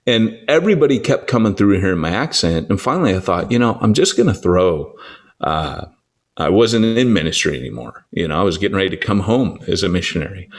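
A low-voiced man, a church planting author, teaching in a relaxed conversational way. He tells stories with lively energy, slips into quick acted-out voices and restarts his sentences often. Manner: animated storyteller, acts out quoted voices, frequent restarts.

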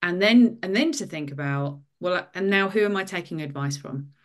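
A woman with a lowish voice talks through career advice as an interview guest. She keeps a lively, chatty flow with plenty of ums and restarts. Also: normal speed. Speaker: guest, author. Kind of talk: casual interview talk.

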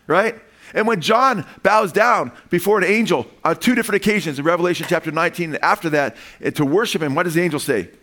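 A man preaching a sermon, animated, asking his listeners questions and acting out the lines he quotes. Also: fairly high pitch, quick pace. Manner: animated, asks the congregation questions, acts out quotes.

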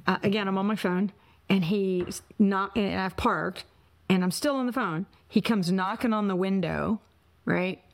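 A woman hosts a podcast in an animated, heartfelt conversational way. She tells stories with feeling, and her voice sits at a middle pitch for a woman. She speaks into a podcast mic. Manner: animated, emotional storytelling. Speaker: podcast host. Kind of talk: conversational interview.

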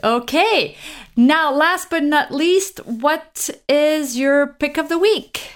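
A woman with a voice a little above the usual female pitch, hosting a podcast. She talks in a casual way, often chiming in with agreement and keeping the conversation moving along. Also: takes it slowly. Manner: friendly, with frequent affirming "yeah"s and light laughs. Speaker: podcast host.

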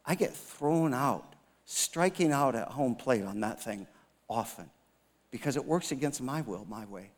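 A man's voice: mid-range voice, expressive, measured pace. Storytelling pastor in his fifties, reverberant hall. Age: 50s. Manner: storytelling with self-mocking humor and acted dialogue. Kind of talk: sermon.

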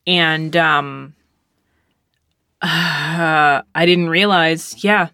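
Bright, lively writer-guest voice, animated storytelling, dry mic. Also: mid-range voice, drawn-out words, clean tone, dry recording. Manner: lively storyteller, acts out quotes, laughs often. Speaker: script supervisor and writer. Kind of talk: casual podcast chat. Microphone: close studio mic.

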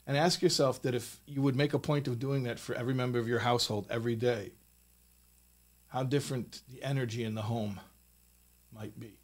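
Guy giving a torah talk in a studio, gets worked up and louder on the big points, repeats himself, middle pitch. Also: fairly even intonation, fairly quick. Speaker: rabbi teaching a Torah lesson. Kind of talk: recorded Torah talk with a closing blessing.

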